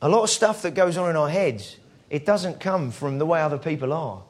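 A man's voice: fairly high pitch, expressive, a little fast. A man preaching a sermon in a conversational, storytelling way, acting out the people in his stories. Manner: conversational storytelling, acts out quoted voices.

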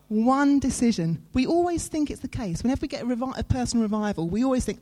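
A woman preaches in a warm, mellow voice. She talks to her listeners in an earnest, conversational way and leans on dramatic pauses. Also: fairly high pitch, expressive. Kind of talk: sermon.

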